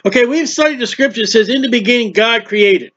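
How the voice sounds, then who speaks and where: A man's voice: extremely high pitch, fast, fairly bright tone, lo-fi sound. A man preaching a sermon, reading scripture aloud and explaining it in a plain-spoken, emphatic way.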